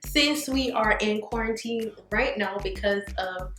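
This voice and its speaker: A woman's voice: mid-range voice, unhurried, a bit bright. A Jamaican woman vlogging to camera, talking casually and expressively, slipping patois phrases into her English. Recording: roomy echo, faint music bed.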